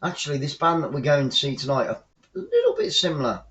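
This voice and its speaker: A man calls a football match for his fan stream from home, wandering into chatty asides and getting excited when there's a chance on goal. His voice sits a touch high. The home recording is dull and lo-fi. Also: fast. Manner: chatty, rambling asides between excitable play-by-play. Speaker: fan commentator hosting a live stream. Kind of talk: casual live football commentary. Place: at home, watching the match remotely.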